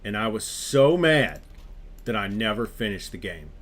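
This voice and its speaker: A man streaming a game, chatting casually with his viewers in an animated, ranting way and swearing freely. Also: on the low side, normal speed. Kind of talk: casual chat with live viewers.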